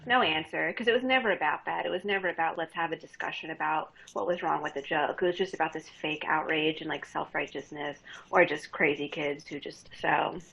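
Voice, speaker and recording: A woman's voice: low voice, steady tone, brisk, creaky, few pauses, fairly bright tone, slightly rough, low-quality recording. A woman comedian telling candid stories in a casual interview, laughing often as she talks. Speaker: guest comedian.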